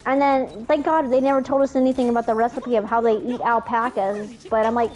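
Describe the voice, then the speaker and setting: A young woman telling a travel story in casual chat while playing a racing game with a friend, animated and swearing freely. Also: a little high, brisk, hardly any pauses, faint music behind. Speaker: gamer co-streamer.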